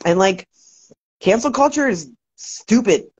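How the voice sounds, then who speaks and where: A woman hosting a casual livestream, talking fast and loose, swearing freely and ranting, shouting out viewers. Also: mid-range voice, slightly rough, no echo. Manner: profane, animated, ranting. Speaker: livestream host. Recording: dry, dull lo-fi sound.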